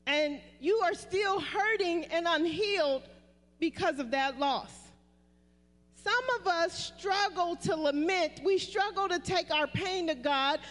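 A woman's voice: very high-pitched, fairly bright tone. A woman pastor preaching a sermon, calling on the congregation to repeat her words. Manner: preaching with call-and-response prompts to the congregation. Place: church sanctuary. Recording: live church recording with long reverb.

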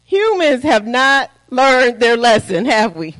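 A woman's voice: a little high, very animated, slow pace, fairly bright tone, poor audio. A woman preaching a sermon, asking the congregation rhetorical questions and calling for responses.

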